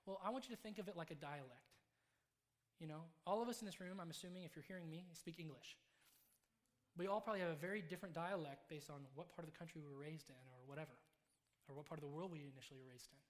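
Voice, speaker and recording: Male preacher with a fairly high, rapid-fire voice who tells stories with lots of energy. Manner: fast, animated storyteller. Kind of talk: sermon with personal storytelling. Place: room with a live congregation.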